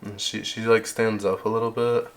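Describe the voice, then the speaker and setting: A man narrating as game master in a casual, halting way with frequent restarts. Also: lowish voice, little pitch movement, slight background noise.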